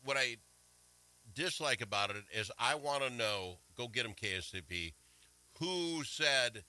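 A man hosting a casual political talk radio show, animated and indignant, swinging between loud outbursts and quiet asides. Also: mid-range voice, a little slow, no room sound, rough recording. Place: Minnesota.

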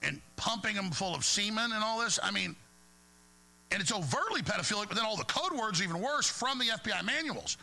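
A man's voice: high-pitched, lively intonation, brisk, vocal fry, sharp tone, poor audio. A man hosting a talk radio show, speaking in a heated, rambling monologue that stumbles over repeated words.

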